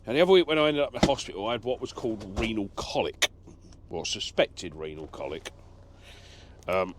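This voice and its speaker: A man's voice: fairly low pitch, fairly bright tone, a little hiss or hum. A man who drives lorries, chatting casually in his truck cab as he reads out viewer comments, rambling and self-deprecating. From England. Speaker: lorry driver vlogger. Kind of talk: casual vlog chat, reading comments.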